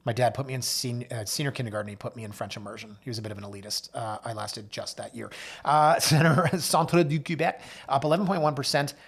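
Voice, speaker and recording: A man's voice: fairly low pitch, racing, hardly any pauses, slightly rough. A man, a realtor hosting his own show, talking casually to camera and reading off numbers with self-mocking asides. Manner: chatty, self-mocking asides, reads figures off a list with sudden lifts. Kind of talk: casual market commentary to camera. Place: office or studio with someone off camera.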